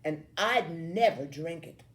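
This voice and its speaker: A woman voicing a group of starstruck middle-school girls, high and gushing. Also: slow pace.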